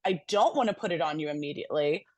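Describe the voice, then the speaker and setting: A woman's voice: sits low, animated, fast talker, no room sound. Candid young woman co-host, dry sound. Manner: candid and reflective, swears casually. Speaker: podcast co-host. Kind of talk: casual chat.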